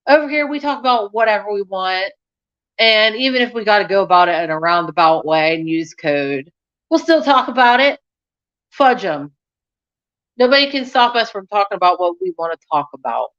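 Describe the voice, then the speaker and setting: This YouTube channel host is a young adult woman whose voice is a little high and fairly bright. She runs a casual live chat with her viewers, speaking frankly, wandering from topic to topic, and laughing often. The audio has a dull lo-fi quality.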